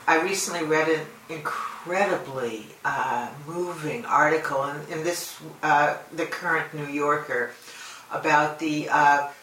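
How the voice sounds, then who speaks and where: A man's voice: a little high, sharp tone. A man speaking up in a group discussion, hesitant with many ums. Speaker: group participant. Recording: distant from mic, roomy echo, faint hiss.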